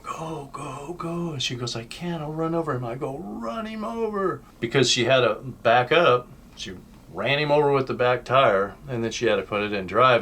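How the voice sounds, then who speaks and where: A man casually telling a personal story in a blunt, colloquial way, swinging between loud bursts and hushed asides. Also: lowish voice, slight background noise. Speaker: channel host telling his life story.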